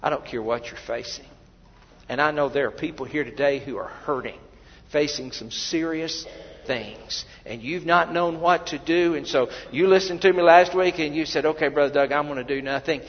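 A male preacher delivering a fervent sermon in a church sanctuary. His voice sits a touch higher than most men's, and it climbs to loud, emphatic peaks, stumbling over repeated words as he presses on. The recording is dull and lo-fi, with a long reverb trailing through the hall. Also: moderate pace.

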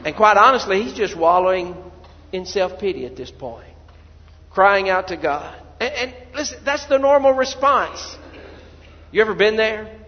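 A high-pitched man preaching a sermon to his congregation. He drops to quiet, low asides, then rises to loud, pleading cries. The sound is dull and muffled, with a long echo like a large church hall. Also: animated, normal speed. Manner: preaching with sudden loud cries when voicing people praying. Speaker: pastor.

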